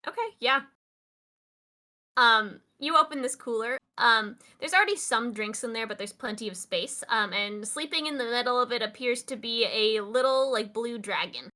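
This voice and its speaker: A woman's voice: on the high side, animated, normal speed, sharp tone. A woman narrating a tabletop game as game master, casual, with many fillers.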